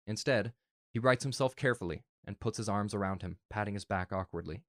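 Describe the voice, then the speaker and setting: A man earnestly reading a fan story aloud in a soft, emotional way. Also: on the low side, fairly quick, dry recording, studio quality. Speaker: narrator.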